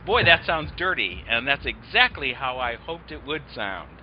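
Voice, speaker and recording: A man's voice: mid-range voice, sing-song, moderate pace. A man in a medium register hosts a podcast with a camp, teasing flirtatiousness and draws out his gushing compliments. The audio is slightly muffled and lo-fi, with faint music underneath. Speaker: podcast host. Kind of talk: podcast interview.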